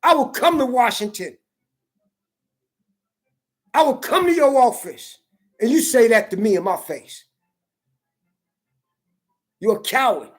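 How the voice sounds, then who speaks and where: A woman vlogger delivering an angry, profane political rant to camera, taunting and repeating herself, rising to shouts at times. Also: fairly high pitch, expressive, a little slow, long pauses. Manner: profane, confrontational, repetitive taunting.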